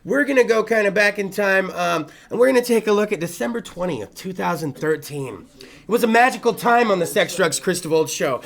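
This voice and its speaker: Man, talk show host, loud, profane, rowdy banter, high gravelly voice. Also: animated, brisk. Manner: loud, rowdy, profane, shifting between yelling and mumbling. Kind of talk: casual late-night show banter.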